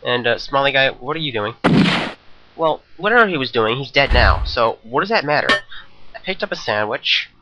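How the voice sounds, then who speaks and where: A man's voice: medium pitch, animated, moderate pace, highs cut off, background noise. A young man giving rambling, jokey commentary over a video game he is playing, talking to himself. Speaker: let's play commentator.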